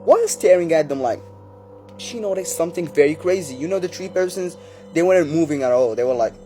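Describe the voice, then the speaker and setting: A man casually telling a horror story, chatting directly to his listeners with quick recaps and asides. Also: a little high, animated, warm tone, faint music behind.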